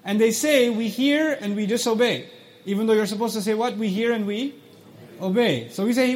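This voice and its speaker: With a high-pitched, expressive voice, this Quran teacher explains the words of scripture, rattling off brief Arabic passages in between English explanations. He questions his audience and performs the quoted speech as he goes.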